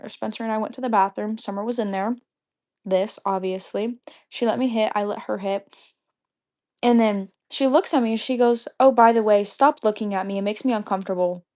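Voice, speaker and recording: Young woman livestreamer, casual storytime rant, heated and profane. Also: mid-range voice. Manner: heated, profane, talks fast when angry.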